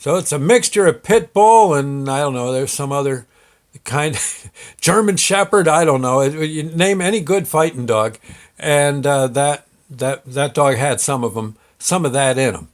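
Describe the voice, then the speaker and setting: A man's voice: fairly high pitch, a little slow. A man hosting his own show, telling a personal story in a rambling, folksy way with many fillers and restarts. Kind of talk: casual storytelling.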